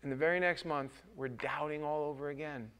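A man's voice: fairly high pitch, steady tone, fairly quick, fairly bright tone, clean tone. A man preaching an informal, joking sermon as pastor in a church, often restarting his sentences. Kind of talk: conversational sermon. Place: church sanctuary.

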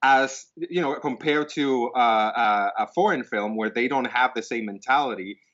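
A man's voice: medium pitch, normal speed, fairly bright tone. A man in casual podcast chat, arguing his point bluntly. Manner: argumentative, blunt. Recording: muffled lo-fi audio.

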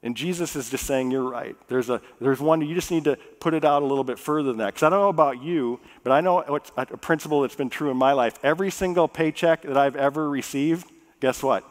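A man preaching a sermon as pastor. He talks in a relaxed, conversational way, jokes with the congregation, and slows down to read scripture. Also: a little high. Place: church sanctuary. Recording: long reverb of a church hall.

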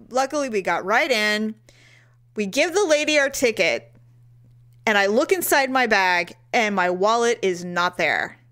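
A woman co-hosting a podcast, telling a story in casual chat and acting out her own quotes in high squeals. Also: bright, forceful tone. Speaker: podcast co-host.

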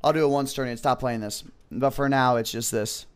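A young man streaming a game, frustrated and ranting, with lots of swearing, dropping from low mutters to loud yells. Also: fairly even intonation, brisk, clear, resonant tone.

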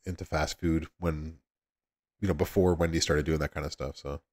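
Deep-voiced laughing man with a Southern accent. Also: normal speed. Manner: laughs often, relaxed and chatty. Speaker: livestream host. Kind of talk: casual livestream chat.

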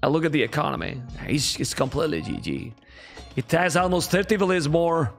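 An excitable young man with a Spanish accent calls a strategy game match live, his pitch jumping all over the place. His voice sits a little high and carries a gravelly edge. Faint music plays under his commentary. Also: brisk. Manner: excitable, reacts loudly to viewers. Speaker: esports caster.

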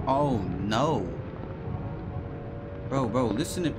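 A man's voice: medium pitch, lively intonation, takes it slowly, long pauses. A young man streaming a horror game live, panicky and slangy, swearing as he plays. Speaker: gaming streamer. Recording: voice over loud game music. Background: loud eerie game music.

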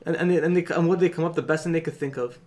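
Young man, rambling casual chat, quick delivery, raised pitch. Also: darkish tone. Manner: fast, rambling, repeats himself. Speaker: podcast co-host.

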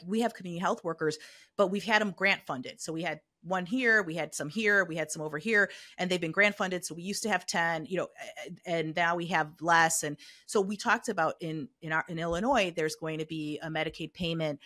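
A woman's voice: on the low side, brisk, a bit bright, dry recording, clean studio sound. A middle-aged woman, a health equity consultant, explaining her views as an interview guest in a thoughtful way, often saying "you know". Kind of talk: conversational expert interview.

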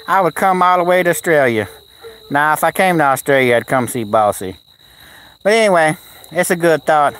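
A man's voice: a little high, animated, moderate pace, a bit bright. A man chatting casually on a live stream outdoors at a kennel, cooing at his animals and answering the chat in a folksy way.

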